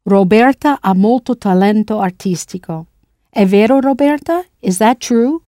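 A woman narrating a scripted language lesson in a clear, playful way, spelling words out letter by letter. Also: mid-range voice, animated, moderate pace, warm tone, dry recording, studio quality. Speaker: language teacher.

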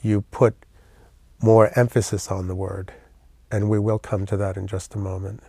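A man leads a classroom language lesson, walking through each point patiently and using memory tricks. His voice sits on the low side. The sound is dry and close. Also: level tone, moderate pace, dark tone, breathy edge, no echo. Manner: patient, explains step by step with mnemonics. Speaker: language teacher.

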